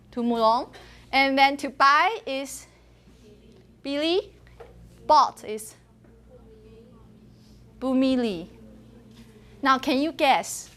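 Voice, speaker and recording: Female linguistics lecturer, high voice, animated anecdotal classroom style. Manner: animated storyteller, laughs often.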